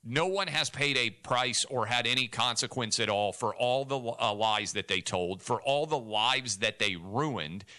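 A male talk radio co-host with a very bright, tense edge to his mid-pitched voice. He argues his case indignantly and with force. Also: unhurried, hardly any pauses. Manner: indignant, argumentative. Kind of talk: opinionated talk radio commentary.

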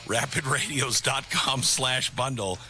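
A man's voice: medium pitch, measured pace, pushed and bright. A middle-aged man hosting a talk radio show, speaking in a conversational, rambling way with sarcastic asides. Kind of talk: talk radio monologue with live ad read.

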